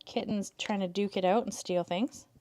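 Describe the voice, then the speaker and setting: A woman hosting a casual crafting livestream, chatting with viewers and coaxing her cats in a soft voice. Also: mid-range voice, fairly even intonation, moderate pace. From Canada.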